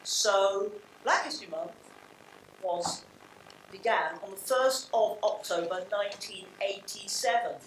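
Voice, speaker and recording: A woman's voice: mid-range voice, a little slow. Older woman, London accent, blunt panel speaker, distant mic in a roomy hall with faint room noise. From England. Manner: blunt, reflective, with many restarts. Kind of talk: public talk. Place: large hall.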